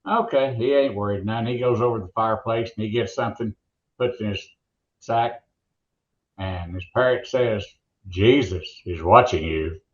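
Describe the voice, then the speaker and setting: A man's voice: on the low side, normal speed. Folksy older Oklahoma man, muffled line. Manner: folksy, rambling joke-teller. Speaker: guest, former monster truck announcer. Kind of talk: casual interview storytelling.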